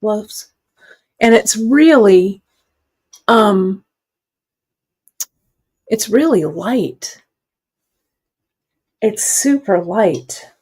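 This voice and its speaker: A woman's voice: mid-range voice, expressive, very slow, long pauses, darkish tone, husky. A woman hosting a live jewelry-making demonstration, chatting encouragingly and thinking aloud as she works.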